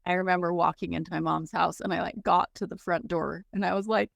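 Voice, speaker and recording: A woman's voice: on the low side, steady tone, a little fast, creaky, no echo, clean studio sound. A woman as an interview guest, telling a personal story candidly and emotionally, with many "like"s.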